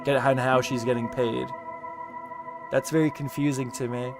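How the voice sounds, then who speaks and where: A man's voice: medium pitch, flat delivery, normal speed. Man, casual commentary, reads aloud, exasperated, swears, music in background. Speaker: commentary YouTuber. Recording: music playing behind the voice.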